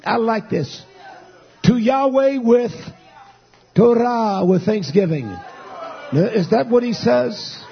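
A preacher in full sermon, a man whose voice sits high and comes out gravelly and husky. He drawls his points out slowly and swells into shouts as he exhorts the congregation. The recording is dull and lo-fi. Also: lively intonation.

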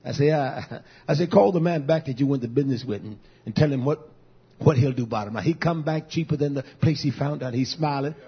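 A man preaching as pastor, telling stories and quoting himself in an animated way. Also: medium pitch, fairly quick, husky, highs cut off. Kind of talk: sermon.

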